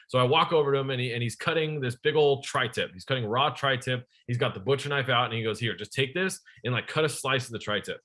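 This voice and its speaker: A young man giving an energetic sales training talk, speaking straight to his audience and calling on them. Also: medium pitch, quick pace, hardly any pauses. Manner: energetic, addresses the audience directly.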